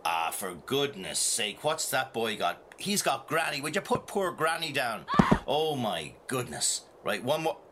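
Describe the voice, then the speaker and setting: A man's voice: medium pitch, measured pace, background noise. A man with a Northern Irish accent telling a folk tale to children, playful and talking straight to his audience. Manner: animated, playful, talks to the audience. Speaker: storyteller. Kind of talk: storytelling to children.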